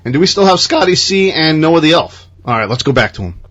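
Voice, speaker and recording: A man's voice: fairly high pitch, expressive, fairly quick, fairly bright tone, lo-fi sound. A man hosting a radio talk show, casual and egging his guests on. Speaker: radio host.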